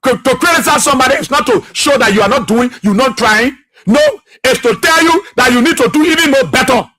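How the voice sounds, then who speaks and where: High, bright, husky Liberian man. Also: a little fast. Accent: Liberian English. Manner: impassioned, repetitive, preachy. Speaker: radio talk show host. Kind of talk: political commentary monologue.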